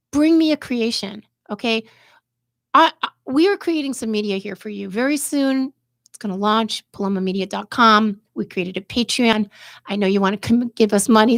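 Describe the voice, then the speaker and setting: A woman hosts a live podcast stream, answering viewer comments with impassioned, heated commentary. Her voice sits a little high, and she often breaks off and restarts her sentences. The sound is dry and close. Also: no echo. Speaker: podcast host.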